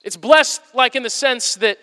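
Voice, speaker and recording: A man preaching a conversational sermon to a live audience, animated and plain-spoken. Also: very high-pitched, moderate pace, clean tone. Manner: animated, plain-spoken, playfully acts out quotes. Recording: long hall reverb.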